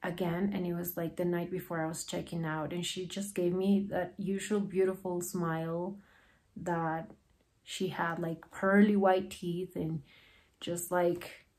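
Heartfelt rambling woman, lower voice. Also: little pitch movement, measured pace, darkish tone. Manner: heartfelt, rambling, many fillers like "you know" and "like". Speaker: guest telling her story. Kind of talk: emotional personal storytelling.

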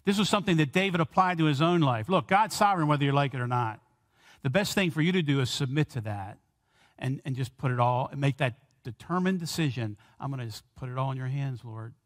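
A man preaching a sermon, earnest, slowing and lifting his voice when he quotes prayers. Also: fairly high pitch, lively intonation. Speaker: pastor. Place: church sanctuary. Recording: long church hall reverb.

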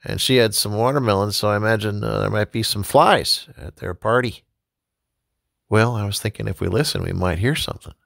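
A woman voicing dim, hapless 1980s husbands in a low, hesitant, mumbling voice. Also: a little fast, creaky, dry recording, studio quality.

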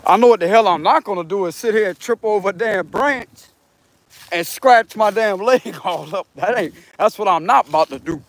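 Here's a casual walking vlog from a tarot reader: his voice is high-pitched and his speed normal. Out on a forest path, he banters with viewers loosely, cursing and using slang, laughing frequently.

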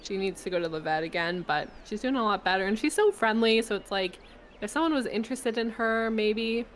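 A young woman chatting casually on a stream, talking in a relaxed, meandering way. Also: medium pitch, a little fast, a little hiss or hum, low-quality recording. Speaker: stream guest. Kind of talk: casual chat.

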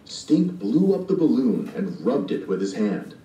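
A man reads a children's storybook aloud at an unhurried pace, acting out the sound effects. His pitch is highly animated and his tone is mellow. It comes from a distance with a roomy echo. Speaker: storybook narrator. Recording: distant and echoey playback.

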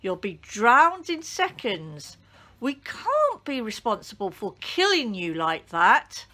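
A woman's voice: on the high side, huge pitch swings, takes it slowly, sharp tone, full character voice. A woman voicing a group of terrified sailors who ask frantic questions and plead in a storybook reading.

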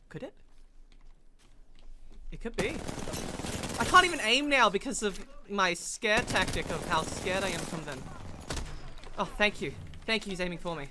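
A woman giving excited, chatty commentary on her own gameplay, with sudden yelps and laughs as the action turns. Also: mid-range voice, normal speed, pauses often, background noise. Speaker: gaming streamer.

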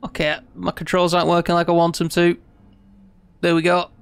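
Clear-voiced streamer, swearing as he plays. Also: sits high, brisk, no echo. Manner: frustrated, swearing, talking himself calm. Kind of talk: live gameplay commentary.

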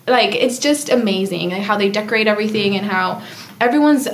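A woman's voice: mid-range voice, a little fast. A bubbly woman in her twenties, chatting casually as a podcast guest, giggling often and saying "like" a lot. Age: 20s.

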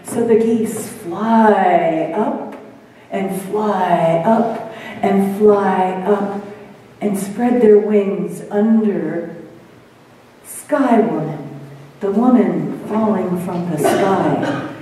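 Slow, mellow-voiced woman minister telling a story. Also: mid-range voice. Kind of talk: storytelling sermon. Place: church sanctuary. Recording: echoey church hall, mic far off.

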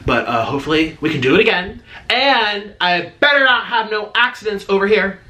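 A man's voice: high-pitched, lively intonation, fairly quick, bright, forceful tone. A man doing a sponsored vlog segment before a food challenge, chatting in a campy, theatrical, playful way. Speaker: mukbang vlogger.

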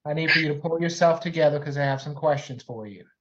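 A man serving as a judge, questioning a witness over a video call in a measured, stern way with frequent fillers. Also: on the high side. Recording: lo-fi call audio.

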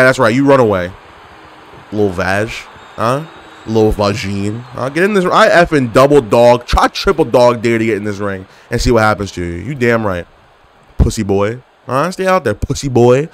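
A young man giving live gameplay commentary, trash-talking his opponents and getting exasperated with the match. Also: medium pitch. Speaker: gaming commentator.

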